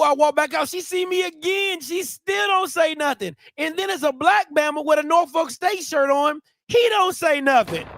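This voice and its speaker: A man's voice: very high-pitched, gravelly, a bit bright, no room sound. A man from Ohio telling a casual, slangy story to his viewers, repeating and restarting phrases as he goes. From Ohio, USA. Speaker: vlogger.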